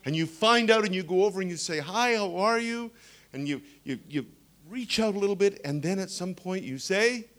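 A man in his sixties preaches with animated energy, his voice sitting a bit high as he tells stories and drops humorous asides to his congregation. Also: normal speed. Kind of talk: sermon.

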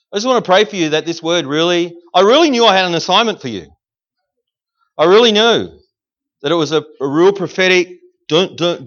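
A man preaching an energetic sermon in a church service, calling out to the congregation for responses. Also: high voice, highs cut off. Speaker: guest preacher.

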